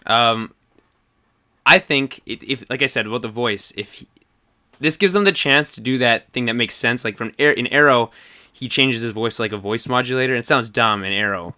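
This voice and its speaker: Bright-voiced rambling podcast guy. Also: mid-range voice, normal speed. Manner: rambling, laughs often, trails off mid-sentence. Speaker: podcast co-host. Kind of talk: casual chat.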